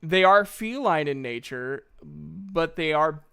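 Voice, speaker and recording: A man narrating a tabletop game as dungeon master, slowly and with many fillers. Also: a little high, animated, vocal fry, a bit bright, smooth.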